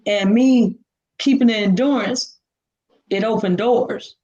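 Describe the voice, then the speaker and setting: A woman's voice: medium pitch, slow pace, muffled recording. A woman, a guest from Alabama telling a personal story and acting out the dialogue. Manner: animated, acts out dialogue.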